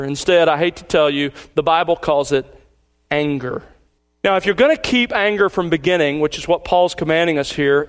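A middle-aged man preaching a sermon as pastor, measured and questioning, slowing down to read quotations. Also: high voice.

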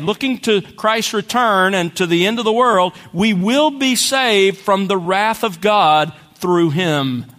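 High-voiced preacher in a reverberant hall. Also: male voice, a bit bright. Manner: measured preaching, slows for scripture quotes. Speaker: pastor. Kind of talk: sermon.

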